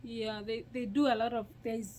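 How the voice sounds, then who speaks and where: A woman's voice: on the high side, moderate pace, rough recording. A young Kenyan woman with a Kenyan accent, chatting animatedly in a casual vlog and restarting her sentences often. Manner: animated storytelling with frequent laughs and restarts. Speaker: vlogger. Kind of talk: casual chat.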